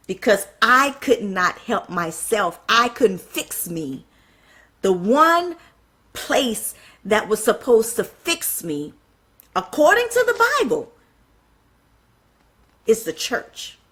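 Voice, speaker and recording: A woman delivers a fiery, passionate sermon to a gathering, piling up rhetorical questions. Her voice is bright and forward with a husky edge. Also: fairly high pitch, takes it slowly, pauses often. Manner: fiery, fires off rhetorical questions, apologizes for getting excited. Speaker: speaker at a church event.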